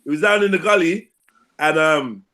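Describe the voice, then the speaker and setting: A man's voice: fairly high pitch, normal speed, bright, forceful tone. A young man, bantering crudely and animatedly, swearing and laughing often on a stream. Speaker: stream co-host.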